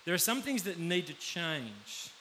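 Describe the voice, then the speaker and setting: A man with an Australian accent preaching a conversational sermon, often pausing to check in with his listeners. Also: a little high, very animated, bright, forceful tone. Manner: conversational, pauses to ask the audience. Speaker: pastor. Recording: faint background hiss.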